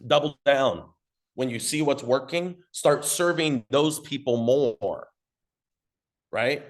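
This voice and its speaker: A man coaching on ad marketing in a casual, rambling teaching talk, sometimes swearing and slipping into quick mock voices of customers. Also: mid-range voice.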